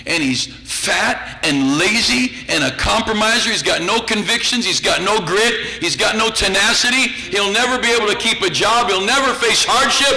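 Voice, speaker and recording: A man's voice: sits high, moderate pace, few pauses, bright, forceful tone, poor audio. A male pastor preaching a sermon in a church, folksy and teasing, acting out the voices of the people he quotes. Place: church sanctuary.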